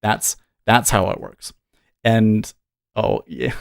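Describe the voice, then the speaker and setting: A man in his thirties hosts a casual day trading livestream, his voice sitting a little low. He rambles earnestly, correcting himself as he goes. The sound is dry and close. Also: fairly even intonation, slow, gravelly, no room sound. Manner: rambling, earnest storytelling with frequent self-corrections.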